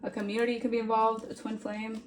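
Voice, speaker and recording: A woman's voice: on the high side, monotone, fast, music in the background. A woman giving a casual tarot reading in a chatty, informal way, often checking in with "all right?". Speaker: tarot reader.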